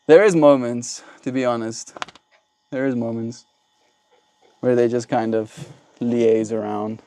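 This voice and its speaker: A man's voice: medium pitch, fairly even intonation, slow pace, mellow. A man hosting a live stream, chatting casually with viewers and laughing often. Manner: playful, laughs often, mock voices for viewers. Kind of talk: casual live-stream chat reading chat messages. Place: outdoors with mosquitoes.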